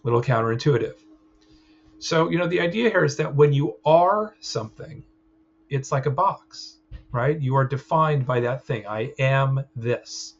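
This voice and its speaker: A man's voice: on the high side, lively intonation, normal speed. A man teaching a clinical training session, explaining ideas in a loose, conversational way and often checking in with "right?". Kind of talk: recorded training lecture. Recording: slightly dull sound with faint ambience.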